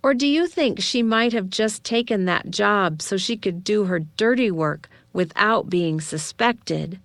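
A woman voicing an excited teenage girl spinning a theory, eager and conspiratorial, in a smooth, unhurried read. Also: medium pitch, no room sound, clean studio sound, close to an everyday voice.

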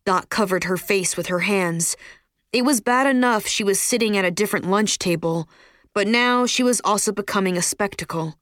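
Woman audiobook narrator, mid-pitched, measured delivery, dry booth recording. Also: fairly bright tone, no echo. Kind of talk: scripted narration.

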